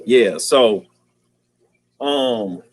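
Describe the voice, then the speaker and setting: A man's voice: mid-range voice, animated, extremely slow. A man hosting a casual aquarium livestream, talking in slang and greeting viewers by name.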